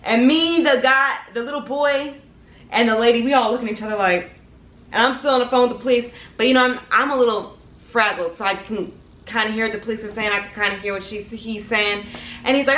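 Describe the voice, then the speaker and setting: A woman's voice: fairly high pitch, a little fast, slight background noise. A young woman telling a dramatic personal story to her viewers, talking to them directly and acting out the scenes. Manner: animated, dramatic storytelling, addresses viewers as y'all. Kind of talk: storytime vlog. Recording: echoey room.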